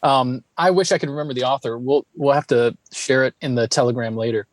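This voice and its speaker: A man co-hosting a podcast in casual chat, telling stories in an animated way and laughing often. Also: medium pitch, brisk, no echo. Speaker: podcast co-host.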